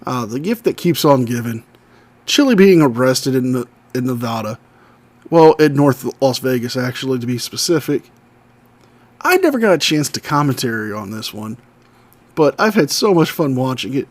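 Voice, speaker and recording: A man's voice: mid-range voice, sing-song, moderate pace. A man giving scornful, sarcastic commentary over video clips. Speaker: commentary host.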